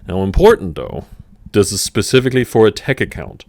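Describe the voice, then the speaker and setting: A man giving a relaxed, chatty language lesson, with fillers and restarts. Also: lowish voice, a little fast, creaky, no echo, studio quality. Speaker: language teacher. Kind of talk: casual vocabulary lesson.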